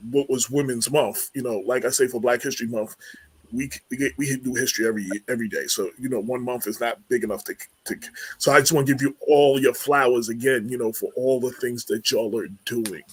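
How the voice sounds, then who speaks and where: Halting, husky-voiced male radio host. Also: medium pitch, dry recording. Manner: halting, lots of repeated words and fillers. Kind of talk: casual radio talk.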